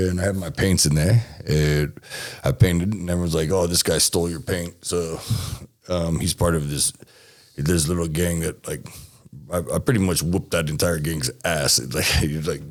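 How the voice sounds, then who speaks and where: A man from Texas telling a rambling, swearing story as an interview guest. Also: rumbling low.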